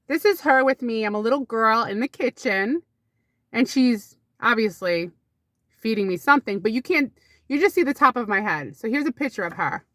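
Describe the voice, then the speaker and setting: A woman vlogging to camera, telling rambling casual stories about her mother with sudden high exclamations. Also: sharp tone, no echo.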